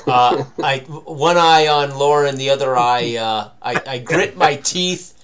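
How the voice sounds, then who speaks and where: A man playing an online tabletop game, speaking in a slow, drawn-out way. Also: medium pitch, a crowd in the background. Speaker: player. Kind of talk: casual tabletop play.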